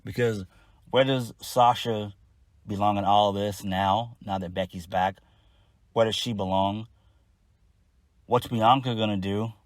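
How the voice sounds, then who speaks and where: A man's voice: on the low side, fairly even intonation, a little slow, pauses often, dry recording. A man giving a casual solo wrestling review, blunt, exasperated and profane.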